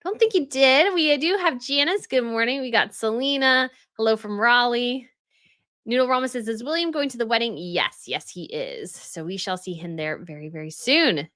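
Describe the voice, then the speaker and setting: A woman's voice: a little high, expressive, moderate pace, bright, forceful tone, dry recording, clean studio sound. A woman hosting a casual livestream, chatting with viewers and reading their comments aloud, often laughing as she goes. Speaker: royal news livestream host.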